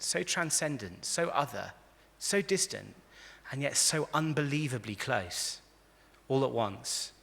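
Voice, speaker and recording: A man, a rabbi, giving a lively lecture to a live audience, telling stories and acting out the quotes with frequent restarts. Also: mid-range voice, creaky. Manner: animated storyteller, frequent restarts, acts out quotes. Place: large convention hall. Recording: echoey hall.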